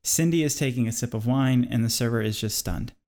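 A man reading stage directions aloud for a comedy sketch. He reads in a halting way and laughs often. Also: medium pitch, darkish tone. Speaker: sketch writer and narrator.

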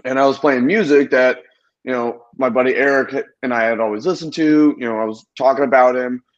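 A man's voice: mid-range voice, fairly even intonation, brisk. A young man from Ohio, co-hosting a podcast, telling a story in casual chat with plenty of swearing and teasing. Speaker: podcast co-host. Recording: dull lo-fi sound.

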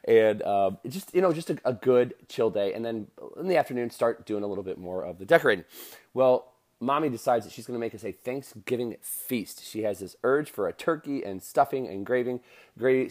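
A man's voice: fairly low pitch, darkish tone. A man in his thirties giving a casual motivational monologue to listeners, rambling with many fillers and restarts.

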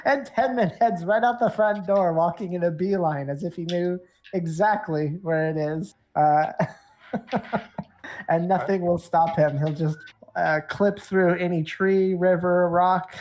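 Woman game master, somewhat low voice, rambling casual narration full of "uh"s. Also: measured pace, darkish tone. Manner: rambling, laughing, many fillers.

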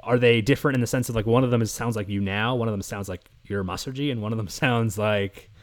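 A man's voice: fairly low pitch, quick pace. A man from the East Coast of the US hosting a casual podcast chat, joking and teasing his guest and laughing often. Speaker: podcast host.

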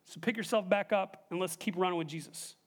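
A pastor preaching a sermon, emphatic and direct, often asking the congregation questions. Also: male voice, high voice, fairly quick.

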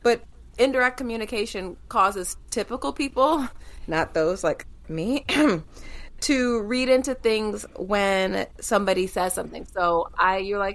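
A blunt woman co-host, talking in an emphatic, no-nonsense way. Her voice sits at an ordinary middle pitch. She swears freely in relaxed podcast chat. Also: unhurried. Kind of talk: casual chat.

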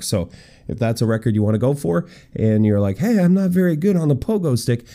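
A man runs a comic weird-news countdown with wry asides. His voice swings widely up and down in pitch as he jokes. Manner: wry, animated, jokey asides. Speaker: podcast host.

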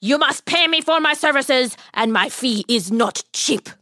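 A woman voicing a tiny bearded male magical trickster who speaks slowly and solemnly. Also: sits high, expressive, pushed and bright, no room sound, studio quality, pitched above the performer's own voice, full character voice.

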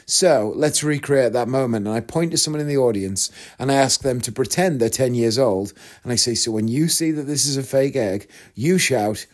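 A man's voice: medium pitch, moderate pace. A chatty man tells a casual story in a mid-range voice. He is a magician and acts out his own punchlines with a dry, self-deprecating touch.

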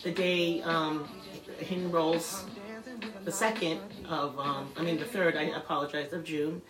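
A woman's voice: steady tone, measured pace, roomy sound, crowd noise, low-quality recording. A middle-aged woman telling a personal story in a casual interview, chatty and acting out the voices of the people she quotes. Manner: chatty, acts out quoted voices with rising pitch and laughter. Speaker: guest sharing a personal story.

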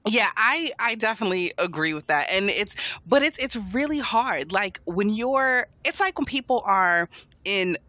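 A woman's voice: medium pitch, lively intonation, moderate pace, pushed and bright, no echo. A woman co-hosting a podcast, speaking bluntly and expressively in casual chat, laughing often. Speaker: podcast co-host.

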